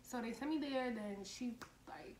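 A woman's voice: a little high, a little slow. Young woman ranting through a storytime. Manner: animated, profane, heated storytelling. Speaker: vlogger telling a story. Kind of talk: casual storytime vlog. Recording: echoey room, faint background noise.

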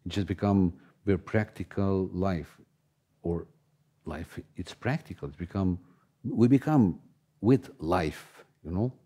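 A spiritual teacher in a panel discussion, speaking halting English. His voice is deep and mellow, and his delivery is slow. He often restarts his sentences. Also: slightly rough. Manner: halting non-native English with many restarts.

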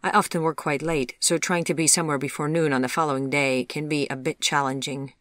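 A cheerful, easygoing young British man, put on by an audiobook narrator, jovial and teasing with bursts of eager energy. His voice is even and middle-pitched, recorded dry and close. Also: a little fast, no room sound, natural voice.

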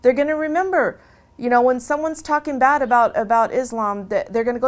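A woman speaking in a long interview, talking earnestly about her own experience in a lively, conversational way and often restarting her phrases. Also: a little fast. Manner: earnest and animated, with lively swings in pitch. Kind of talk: long-form interview, casual personal talk.

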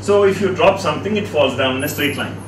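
A man with a slightly high voice teaches quickly, posing questions to students and steering them through a word exercise. The sound is distant and echoey, with a noisy classroom background.

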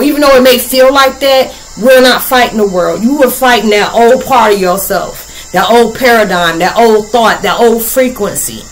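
Chatty animated woman podcast host. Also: mid-range voice, rough recording. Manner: chatty, animated, acts out both sides of conversations. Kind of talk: casual spiritual talk to listeners.

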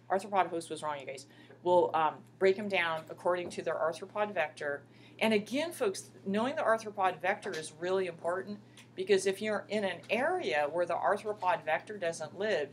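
A woman's voice: fairly low pitch, a little hiss or hum. A middle-aged woman teaching a microbiology lab class, talking in a chatty, impassioned way and calling her students "you guys". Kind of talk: classroom lecture.

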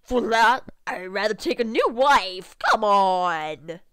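A woman reading a flustered middle-aged male guildmaster in a game, loud and slow, in a dry recording. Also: mid-range voice, smooth, no echo, close to an everyday voice. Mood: pleading.

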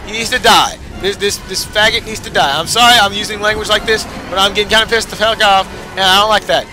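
A man's voice: high-pitched, fairly even intonation, quick pace, sharp tone, faint music behind. A young man giving casual, frustrated gameplay commentary, swearing and cheering himself on. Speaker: gamer.

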